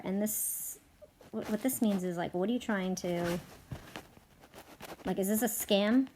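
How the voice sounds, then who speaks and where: A woman's voice: medium pitch, a little slow, long pauses, dark tone. A woman reading a novel aloud as a teacher, stopping for chatty asides full of fillers and self-corrections. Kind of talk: read-aloud with casual commentary.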